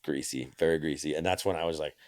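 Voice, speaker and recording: A man's voice: extremely low pitch, fairly even intonation, fast, a little mellow, dry recording, clean studio sound. A man guesting on a podcast, talking loosely and rambling with plenty of fillers, casual swearing and easy laughs. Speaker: podcast guest, entertainer and skier. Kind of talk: casual interview chat.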